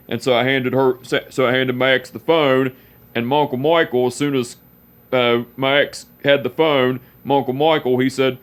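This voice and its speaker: A man telling a personal story, halting and repeating phrases as he restarts. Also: medium pitch, fairly even intonation.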